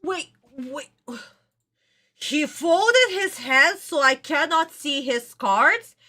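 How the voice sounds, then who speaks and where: Woman, reaction host, casual commentary, exasperated, bright voice, swooping pitch. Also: lively intonation, drawn-out words. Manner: exasperated, rants and laughs at the show.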